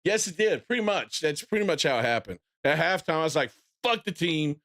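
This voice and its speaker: Excitable man chatting on a stream. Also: on the high side, fast. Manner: animated, swings into loud excited outbursts while retelling. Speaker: gaming streamer. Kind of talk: casual live-stream chat.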